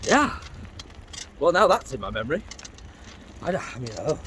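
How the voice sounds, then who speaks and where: A man's voice: mid-range voice, sing-song, fast, fairly bright tone, a little hiss or hum. A man, telling rambling, swearing anecdotes while riding a bike outdoors and greeting passers-by mid-sentence. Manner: rambling, swearing, acts out voices in his anecdotes. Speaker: vlogger. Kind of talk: casual storytelling while cycling.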